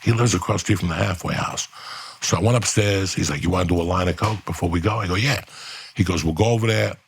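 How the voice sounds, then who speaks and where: A middle-aged man telling a long story on a podcast, profane and animated, acting out the voices of people in it. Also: sits low, fast talker, slight background noise. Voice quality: gravelly, husky.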